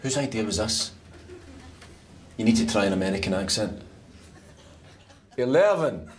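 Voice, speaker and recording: An actor with a Scottish accent playing a cranky man arguing with a lift, gruff and indignant. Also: on the low side, expressive, normal speed, a crowd in the background, background noise, close to an everyday voice.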